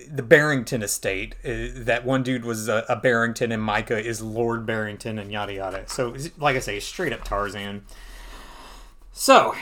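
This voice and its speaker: A man hosting a podcast who recaps a comic book in a chatty, snarky way. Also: medium pitch. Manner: chatty, snarky, animated retelling. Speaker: podcast host.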